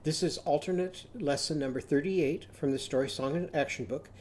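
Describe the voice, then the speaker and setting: A man's voice: fairly high pitch, moderate pace, darkish tone. A man teaching a children's phonics lesson, patiently coaxing and sing-song, chanting animal sounds for kids to repeat. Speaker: literacy teacher.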